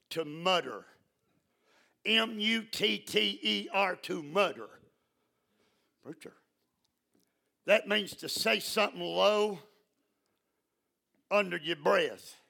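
Male preacher, bright gravelly voice with a husky edge, fervent delivery. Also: sits high. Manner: rises into shouting, fervent. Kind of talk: sermon. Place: church.

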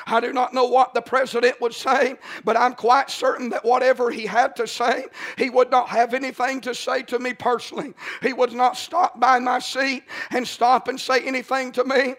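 Male preacher with a very high voice, emphatic rhythmic sermon delivery. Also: fairly bright tone.

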